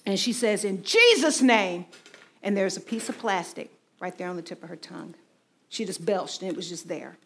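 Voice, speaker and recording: A woman's voice: fairly low pitch, brisk, gravelly, slight background noise. A woman in her forties giving a personal faith testimony in a conversational, storytelling way, often saying "you know". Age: 40s. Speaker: ministry team speaker.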